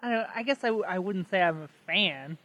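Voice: medium pitch, expressive, brisk, a bit bright. A co-host in casual chat with a dry, offhand, jokey manner. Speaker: podcast co-host.

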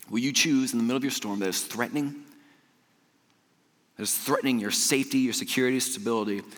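A man preaching a sermon to his church, swinging from loud, emphatic lines to hushed, quiet ones. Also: medium pitch, long reverb tail. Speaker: pastor.

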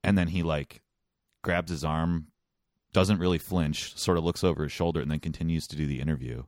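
Deep-voiced male podcast co-host, rambling storyteller, dry close mic. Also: fairly even intonation, a little fast, dry recording. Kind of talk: casual chat.

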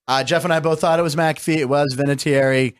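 High-voiced joking sports radio host. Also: male voice, fairly even intonation, fast, smooth. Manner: jokey, teasing. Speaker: sports talk show host. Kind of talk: casual sports talk radio banter. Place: radio studio.

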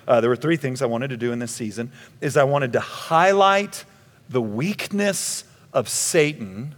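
A man preaching a conference keynote sermon, animated and jokey, acting out scripture scenes in quick asides. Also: mid-range voice. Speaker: pastor. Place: large conference hall. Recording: long reverb of a big hall.

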